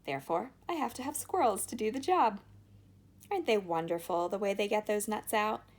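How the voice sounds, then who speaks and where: A woman voicing a brisk, eccentric male chocolate maker who talks quickly and bossily. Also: mid-range voice, expressive. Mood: eager. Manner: quick, bossy, triumphant.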